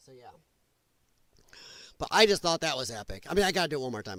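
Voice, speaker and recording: A man's voice: medium pitch, big pitch swings, quick pace, a bit bright, no room sound. A man hosting a casual political commentary livestream, talking to his chat, laughing a lot and fumbling while he looks for clips. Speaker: livestream host.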